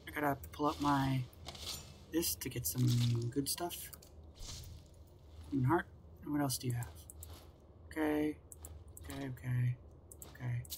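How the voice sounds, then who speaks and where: A man's voice: medium pitch, vocal fry, a little hiss or hum. A man giving wry, casual commentary while playing a video game, often talking to himself and to the game's characters. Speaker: gameplay commentator. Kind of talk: casual let's-play commentary.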